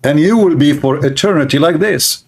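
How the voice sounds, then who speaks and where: A man's voice: a little high, moderate pace. A man giving mocking commentary on religious texts, sarcastic and laughing at his own jokes.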